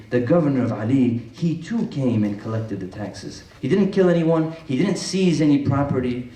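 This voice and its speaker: A man delivering an impassioned sermon, his voice climbing to emphatic peaks as he retells old stories. His pitch sits a little high for a man. The sound is roomy and heard from some distance, as if captured far across a large hall. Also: mellow. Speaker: preacher. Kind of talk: sermon with retold dialogue. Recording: echoey hall, distant mic.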